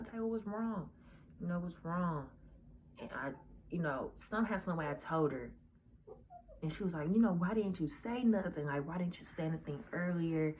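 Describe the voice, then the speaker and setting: A nineteen-year-old woman telling a personal story in a casual, halting way, often restarting her sentences. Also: deep voice, slight background noise. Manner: halting, hesitant, with many restarts; casual, informal speech. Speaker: vlogger.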